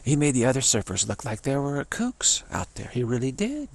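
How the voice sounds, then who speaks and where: A man of medium pitch rambles through a loose monologue at normal speed, with vocal fry, repeating himself and restarting words. He grows animated when he gets excited.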